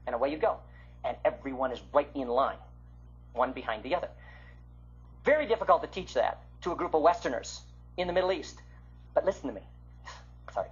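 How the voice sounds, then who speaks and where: A man giving an animated Bible teaching and acting out the voices of biblical figures. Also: on the high side, brisk, pauses often, husky. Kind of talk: teaching sermon with acted quotes. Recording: muffled lo-fi recording of a talk.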